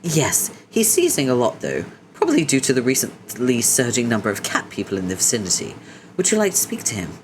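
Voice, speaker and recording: A man voicing a polite, cheerful teenage boy in a high, eager voice. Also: huge pitch swings, brisk, slight background noise.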